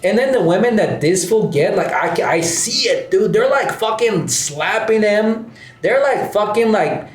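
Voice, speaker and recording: A man's voice: high voice, animated, measured pace. A man ranting casually, swearing constantly and tossing "bro" and "dude" into almost every line. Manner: profane, repetitive, fills lines with "bro" and "dude". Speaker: host. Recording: roomy echo with faint music.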